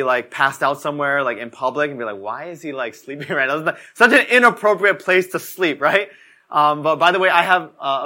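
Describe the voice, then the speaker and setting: A man's voice: on the high side, sharp tone. A young man giving a casual, conversational sermon, telling stories and filling his talk with "like". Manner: casual storytelling, fills talk with "like". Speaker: preacher.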